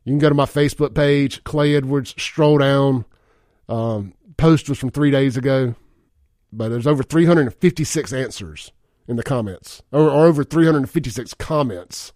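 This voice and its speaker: A man's voice: mid-range voice, moderate pace, darkish tone, dry recording. A man hosting a casual talk radio show in a studio, reading listener texts aloud and chuckling often. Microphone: studio microphone.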